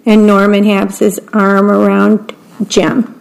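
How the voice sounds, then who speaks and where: Slow, gentle woman reading picture books. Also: medium pitch, completely flat delivery, gravelly, low-quality recording. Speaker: read-aloud storyteller.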